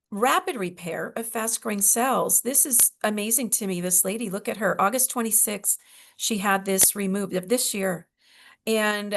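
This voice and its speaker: A woman's voice: mid-range voice, gravelly, a bit bright. A woman hosting a wellness video call, chatty and emotional, with many fillers. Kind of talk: casual presentation on a video call.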